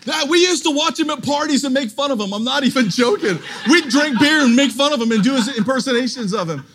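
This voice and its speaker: A middle-aged man preaching a sermon at a church service, telling his story with animated, self-mocking humor and quick restarts. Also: extremely high pitch, a little hiss or hum. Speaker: guest pastor.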